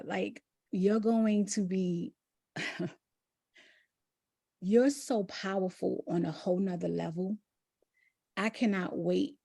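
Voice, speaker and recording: Give me a gravelly-voiced woman coach gushing with encouragement. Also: lowish voice, no echo. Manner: effusive, warm praise, gushing. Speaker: accountability coach. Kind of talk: emotional encouragement on a video call. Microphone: video call.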